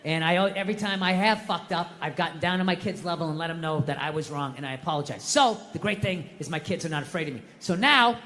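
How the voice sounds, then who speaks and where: A man doing a stand-up comedy set, ranting and swearing as he builds toward mock-furious shouts. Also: on the high side, fast, hardly any pauses, a little hiss or hum. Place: large outdoor stage in the wind. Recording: live venue with long reverb, faint ambience.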